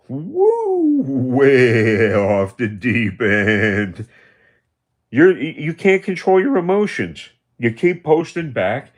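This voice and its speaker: Taunting man in his seventies. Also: a little high. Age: 70s. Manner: accusatory, taunting, repetitive. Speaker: livestream host. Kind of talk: confrontational livestream rant.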